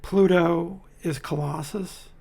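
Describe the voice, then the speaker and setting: A man with a gravelly, somewhat husky voice talks slowly through a stack of new comics. His delivery rambles, with wry asides and plenty of fillers, sitting a little high in pitch. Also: steady tone, darkish tone. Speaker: comics reviewer. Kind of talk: casual commentary while paging through comics.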